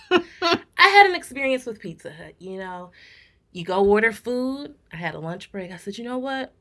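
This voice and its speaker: A young woman co-hosting a podcast, ranting in blunt, profane, animated storytelling during casual chat. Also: medium pitch, a little slow. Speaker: podcast co-host.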